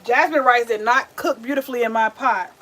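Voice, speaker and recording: Over a noisy background, a young vegan cooking host chats sassily and directly to her livestream viewers as she cooks. Her pitch is fairly high and she talks fairly quickly.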